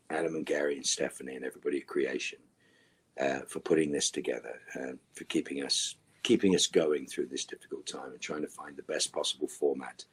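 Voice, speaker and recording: A man answering fan questions in a virtual Q&A, with dry, wry humor, often sinking to a soft murmur. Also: very deep voice, husky. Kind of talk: virtual Q&A panel.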